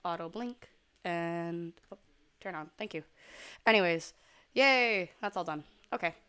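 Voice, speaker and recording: A young adult woman streaming from her computer, chatting casually, swearing freely and jumping between loud outbursts and low mumbles. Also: unhurried, clean tone. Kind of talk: casual rambling stream chat. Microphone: desk mic at a computer.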